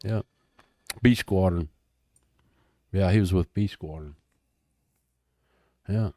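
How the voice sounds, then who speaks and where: A laid-back retired helicopter pilot from Texas in his 60s, with a low, warm voice, speaks slowly as a guest in a casual interview storytelling. He laughs often and says "man" and "dude," and the studio-quality recording has no room sound.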